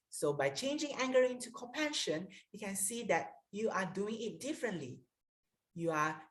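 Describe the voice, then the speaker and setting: A woman coach giving a slow, guiding lesson on calming down and leading a breathing exercise. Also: on the low side. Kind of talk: instructional talk.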